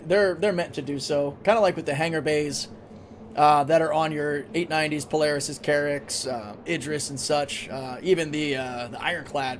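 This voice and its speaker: A man's voice: fairly high pitch, slight background noise. A man live-streaming a game, chatting casually, thinking aloud and answering chat, with a recurring cough.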